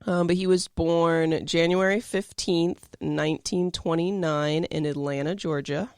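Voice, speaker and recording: Creaky-voiced young man reading facts. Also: a little high, fairly even intonation, measured pace, no room sound, studio quality. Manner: reads facts aloud with fillers and restarts. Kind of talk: casual chat.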